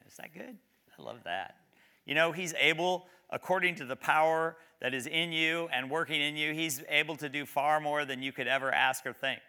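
A man preaching a sermon, reading scripture slowly and emphatically, then talking conversationally and asking the congregation questions. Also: mid-range voice, fairly even intonation, pushed and bright, clean tone. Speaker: pastor.

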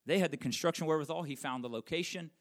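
A middle-aged man preaching a sermon, telling a personal story and swinging from loud emphatic peaks to hushed, near-whispered lines. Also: a little high, very fast. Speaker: pastor.

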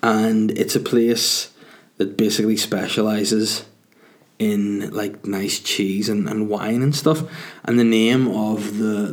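A man talking on his own into a desk microphone, rambling casually and cracking crude jokes. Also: fairly low pitch. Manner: crude, joking, rambling with fillers.

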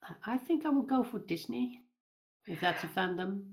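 A woman's voice: medium pitch, animated, moderate pace. A woman being interviewed on a casual podcast call, hesitant and nervous, often repeating her words. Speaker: interview guest.

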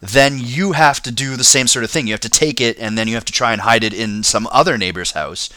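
Brief: talkative male podcast host, bright tone, dry studio mic, stumbles over words. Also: mid-range voice, fairly quick, dry recording. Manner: chatty, stammers and laughs often. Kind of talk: casual comedic podcast chat.

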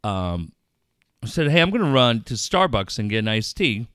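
A middle-aged man telling a story in casual chat, animated and crude. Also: medium pitch, moderate pace, no room sound, studio quality.

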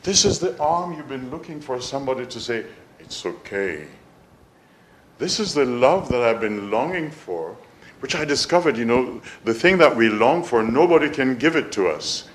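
A man from Jamaica, telling a personal story in a soft, musing way with some gentle self-mockery. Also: mid-range voice, animated, normal speed, echoey room, rough recording.

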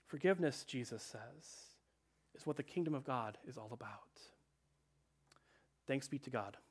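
A male pastor giving a sermon, earnest, slowing down and dropping to a hush on key phrases. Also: mid-range voice, animated, husky.

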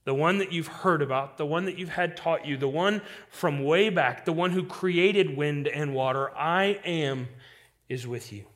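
A male pastor preaching a sermon with passion, swinging from loud declarations to hushed, quiet lines. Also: a little high, moderate pace, hardly any pauses.

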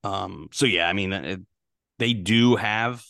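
A man's voice: low-pitched, slow, vocal fry, pushed and bright, dry recording, clean studio sound. A man co-hosting a casual sports podcast, talking through stats with frequent fillers. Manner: conversational, stats-heavy, many fillers. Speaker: podcast co-host.

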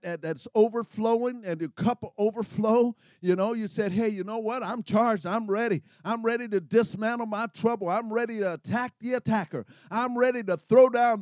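Man, preacher, high voice, dry close sound, call-and-response, excited sermon. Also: dry recording.

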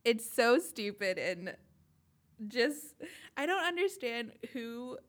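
Animated young woman chatting with laughs. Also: a little high, slow pace. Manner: animated, laughs often, swears casually. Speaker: podcast co-host. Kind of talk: casual chat.

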